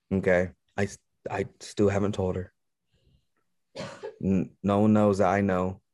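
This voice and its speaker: A man's voice: low voice, darkish tone, no echo, clean studio sound. A man telling a personal story in a casual interview, swearing often and stumbling over his words. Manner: profane, rambling, halting retelling. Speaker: guest.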